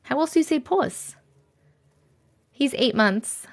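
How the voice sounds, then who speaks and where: High-voiced giggly woman with New York accent. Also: expressive, takes it slowly. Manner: giggly, playful, chatty. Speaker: livestream host. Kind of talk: casual livestream chat.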